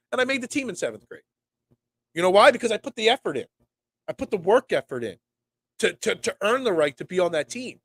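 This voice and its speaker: Sick guy in his 40s from pennsylvania hosting sports talk, kinda high voice, rambly, keeps restarting. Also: bright, forceful tone. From Pennsylvania, USA. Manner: rambling, stammers and restarts, reads and answers chat. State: sick, congested. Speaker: sports talk show host.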